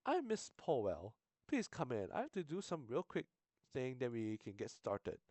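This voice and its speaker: A man voicing a flustered, fussy woman school counselor in a raised, high voice. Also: huge pitch swings, moderate pace, darkish tone, no echo.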